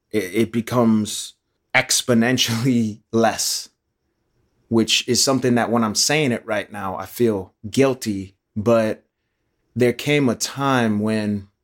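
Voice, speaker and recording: A man being interviewed, speaking candidly in a halting, profane way as he searches for words. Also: mid-range voice. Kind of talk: candid personal recollection.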